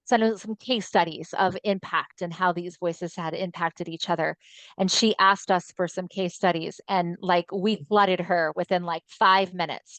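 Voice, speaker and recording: A woman hosting a webinar on a video call, talking in a quick, friendly way with fillers. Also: lowish voice, a bit bright, clean tone, dry recording. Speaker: webinar host, voice-banking coordinator. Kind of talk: webinar discussion.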